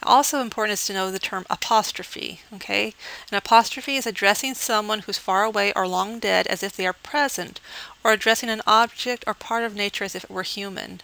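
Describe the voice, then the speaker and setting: A woman's voice: mid-range voice, steady tone, vocal fry, bright, forceful tone, rough recording. A woman English professor giving a recorded poetry lesson, explaining terms step by step and checking in with "okay". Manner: reads the poem slowly and measured.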